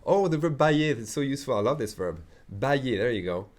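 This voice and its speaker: A man's voice: medium pitch, animated, quick pace. A French man with a French accent, teaching a chatty beginner language lesson, repeating phrases and checking in often.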